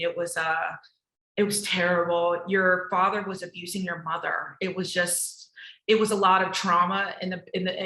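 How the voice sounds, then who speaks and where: A woman's voice: mid-range voice, bright, forceful tone. A woman giving a past-life reading in a rambling manner, correcting herself as she goes. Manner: rambling, self-correcting, addresses listener as "you". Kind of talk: intuitive reading. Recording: echoey room.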